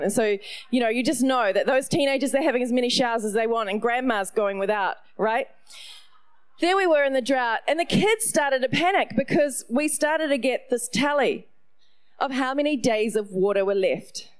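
A middle-aged woman with a New Zealand accent, preaching a sermon in an animated storytelling way with playful asides. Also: a little high, smooth. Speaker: pastor.

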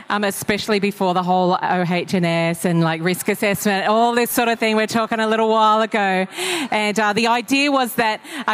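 A woman preaching a sermon, telling personal stories in a conversational way with frequent fillers. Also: mid-range voice. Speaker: pastor. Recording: long reverb of a large hall.

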